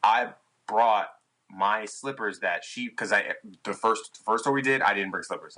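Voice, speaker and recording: Young man, low voice, bright and forceful tone, swears a lot, casual podcast storytelling. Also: moderate pace, rough recording. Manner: profane, animated, acts out his own past lines. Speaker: podcast guest, touring musician.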